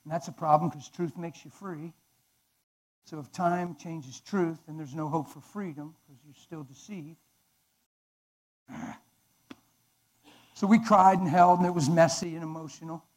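A man preaching in church, telling his own testimony with dramatic swings from loud exclamations to hushed words. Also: a little high, fairly even intonation, a little slow, pauses often, poor audio. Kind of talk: emotional testimony sermon.

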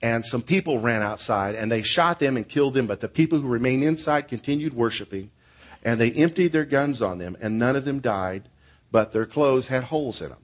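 Earnest male pastor preaching a sermon. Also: medium pitch. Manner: earnest storytelling preacher, ending in prayer.

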